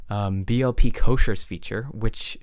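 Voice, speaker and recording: A man's voice: fairly low pitch, fairly even intonation, measured pace, darkish tone, no room sound, studio quality. A man giving a sarcastic, blunt rant reviewing an album, with many fillers. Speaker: music reviewer. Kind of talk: casual rant.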